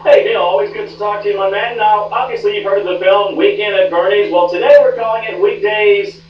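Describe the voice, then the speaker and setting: High-voiced male reporter, chummy, confiding, roomy far-off muffled sound. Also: fairly even intonation, a little fast, a little hiss or hum. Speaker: news correspondent. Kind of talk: live news report. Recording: echoey, distant, muffled rebroadcast.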